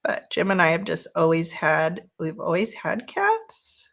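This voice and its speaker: Her delivery is sing-song and measured, a bit bright, with some vocal fry. She's a craft channel host keeping a relaxed, chatty conversation going with viewers while breaking into high baby talk to coo at her cat.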